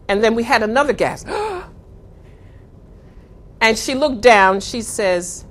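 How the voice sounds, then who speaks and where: A middle-aged woman giving a motivational talk, telling a story with dramatic pauses. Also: a little high, sing-song, a little hiss or hum. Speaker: speaker.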